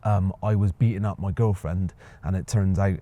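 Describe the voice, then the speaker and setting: A young man talks through an interview in a soft, mellow, lowish voice. He hesitates often, filling pauses with ums and uhs and restarting his sentences. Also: fairly even intonation. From Bristol, England. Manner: hesitant, many fillers and restarts. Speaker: actor, interview guest. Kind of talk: reflective casual conversation.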